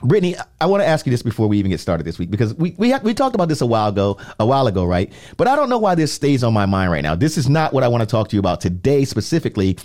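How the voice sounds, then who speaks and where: Animated man hosting a podcast. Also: mid-range voice. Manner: animated, teasing, drawn-out emphasis. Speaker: podcast host. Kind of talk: casual podcast chat.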